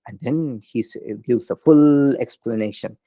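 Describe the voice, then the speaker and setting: Male scripture teacher, relaxed storyteller, mid pitch, dry close mic. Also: unhurried, dry recording. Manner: casual, laughing, with fillers. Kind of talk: lecture with storytelling.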